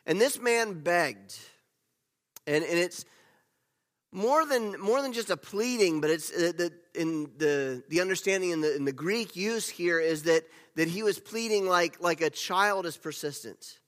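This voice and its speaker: Animated pastor man in a reverberant hall. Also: sits high, a little slow. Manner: animated storytelling, swings between loud and hushed. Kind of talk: sermon. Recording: long reverb of a large hall.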